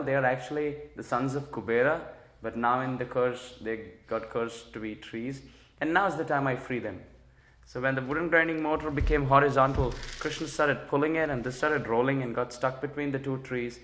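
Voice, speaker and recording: A man teaching a religious class, retelling sacred stories and explaining their meaning with lively quoted lines. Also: mid-range voice. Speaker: spiritual teacher. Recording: echoey room.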